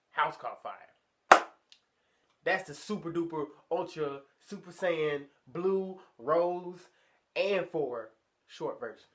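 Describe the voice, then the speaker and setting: Animated young man telling a story. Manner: animated, slangy, acts out high squeaky voices in quotes. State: stuffy from a sinus infection. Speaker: vlogger. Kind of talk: casual storytelling to camera.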